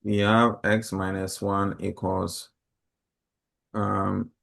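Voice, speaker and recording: A man with a lowish voice leads a classroom math lesson. He explains each step plainly and keeps asking the class questions. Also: level tone, drawn-out words, creaky, fairly bright tone. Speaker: teacher.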